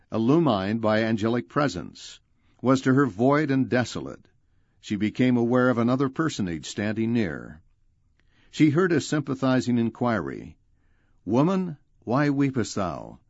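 A man reading a religious book aloud in a measured, formal way, announcing page numbers as he goes. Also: mid-range voice, a little mellow, dry recording, highs cut off. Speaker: audiobook reader.

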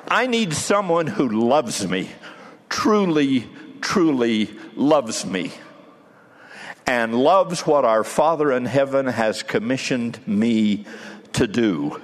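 Earnest, pleading Jesus, voiced by a male preacher; expressive and slow. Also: mid-range voice. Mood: fervent. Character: Jesus, a grown man, earnest and searching. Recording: long hall reverb.

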